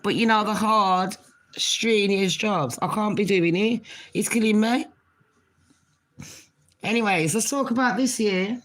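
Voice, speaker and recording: With a cold and a cough, a middle-aged woman vlogs a rambling, cheeky, casual chat to camera. Her medium-pitched voice is a bit bright and a little slow, marked by long pauses.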